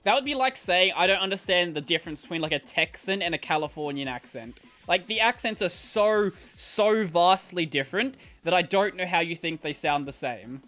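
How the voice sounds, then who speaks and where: A man's voice: high-pitched, expressive, moderate pace, hardly any pauses, pushed and bright, faint music behind. A man with an Australian accent and a slightly nasal voice, chatting casually on a live stream as he answers viewer questions, rambling with lots of fillers and restarts. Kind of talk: casual chat while reading viewer questions.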